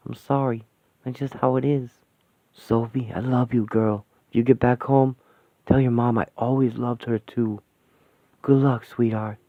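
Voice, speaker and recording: A man voicing a gruff, slangy ghost father in a radio play. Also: steady tone, a little slow, no room sound. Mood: tender. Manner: rough slangy talk, lowered gruff voice. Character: ghostly street-tough father, gruff and tender. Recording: thin phone-like, dry sound.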